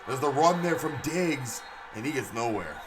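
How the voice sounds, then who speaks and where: A man giving live play-by-play commentary on a game stream, excitable, with chatty asides. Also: medium pitch, moderate pace, noisy background. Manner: excitable, rises to shouts on big plays, chatty asides.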